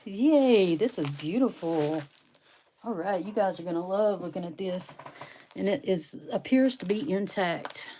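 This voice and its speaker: A woman's voice: fairly low pitch, a little slow, dark tone, a little hiss or hum. A woman hosting a casual live stream from her bedroom, chatting with viewers by name while a little sniffly from sneezing, recorded on a phone. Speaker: live-stream host unboxing rocks. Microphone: phone on a stand.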